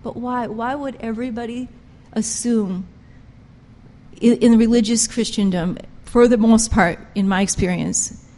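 A woman preaching a sermon with passion, pressing her points hard and swinging between loud emphasis and quiet intensity. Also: a little high, steady tone, unhurried, long reverb tail. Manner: impassioned, emphatic, rises and drops sharply in loudness.

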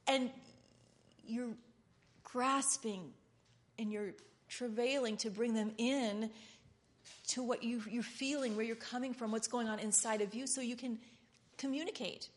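A middle-aged woman giving a rambling, earnest, informal sermon that builds to loud, impassioned preaching. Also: on the high side, fairly even intonation, moderate pace.

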